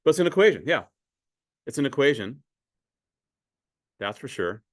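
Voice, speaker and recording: Here a math teacher with a mid-range, slightly bright voice swings widely in pitch while speaking at normal speed. His conversational lecture includes questions to students and frequent repeated words, captured in studio quality with no echo.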